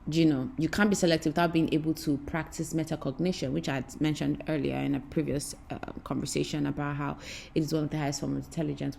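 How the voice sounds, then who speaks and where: A woman's voice: sits low, creaky, mellow. A woman speaking as a spiritual teacher in an impassioned, repetitive, preacherly way, addressing her listeners directly. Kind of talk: spiritual talk to camera.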